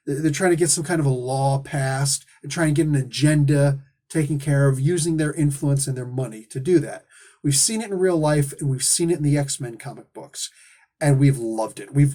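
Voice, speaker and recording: A man's voice: fairly high pitch, dark tone. A man hosting a casual comic book review, talking in an enthusiastic, rambling, casually profane way.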